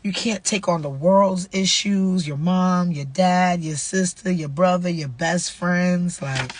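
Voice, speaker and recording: A woman with a fairly low voice speaks slowly, casually offering faith advice and reading a devotional aloud. She repeats herself and uses slang. She is a vlogger who runs a nonprofit.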